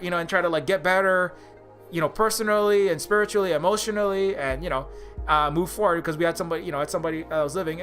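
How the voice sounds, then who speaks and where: A man's voice: high voice, pushed and bright. A man from Hawaii, an indie game developer, delivering a heated, profane rant full of restarts and repetitions. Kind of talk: ranting monologue.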